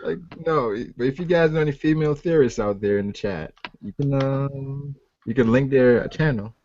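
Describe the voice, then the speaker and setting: A man's voice: medium pitch, moderate pace, darkish tone. A man hosting a casual group call stream, laughing often and reading out names from the chat. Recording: muffled stream audio with faint noise.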